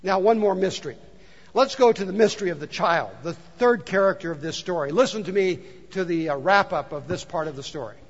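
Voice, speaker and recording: A man preaches to his congregation, his voice pitched high. He asks question after question in a conversational way, and the dull recording carries the long reverb of a large hall. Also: brisk, breathy edge. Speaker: pastor. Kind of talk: sermon. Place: church sanctuary.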